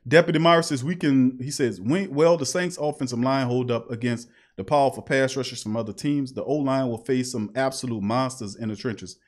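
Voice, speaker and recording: A man's voice: mid-range voice, a little fast, few pauses. A man hosting a live call-in sports talk show, talking in a heated, emphatic way and repeating his points.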